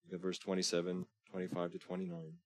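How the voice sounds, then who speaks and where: A man's voice: deep voice, completely flat delivery, quick pace, no echo. A man preaching a sermon as pastor, urging his listeners earnestly and reading scripture aloud with rising emphasis. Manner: earnest exhortation.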